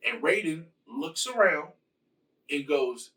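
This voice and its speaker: A man's voice: fairly high pitch, slow pace, creaky, pauses often, pushed and bright, distant mic, rough recording. A man casually retelling a movie plot in a loose, rambling, profane way. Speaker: host.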